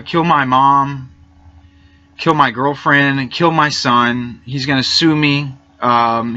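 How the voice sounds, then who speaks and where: Nervous, bright-voiced young-sounding man. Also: medium pitch, lo-fi sound. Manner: hesitant, halting, many fillers and restarts. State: nervous and frightened. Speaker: YouTube channel host. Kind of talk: casual narration over screenshots of messages.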